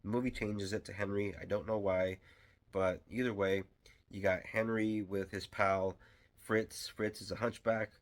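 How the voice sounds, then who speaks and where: A man's voice: fairly low pitch, steady tone, unhurried. A man giving a casual spoken film review, rambling and enthusiastic, with lots of fillers and restarts. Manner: enthusiastic fan.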